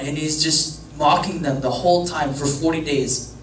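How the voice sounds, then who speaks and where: A man's voice: on the high side, steady tone, normal speed, few pauses. Young man, youth pastor, casual joking sermon, echoey room, distant mic, faint hum. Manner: casual, joking, rambling storytelling.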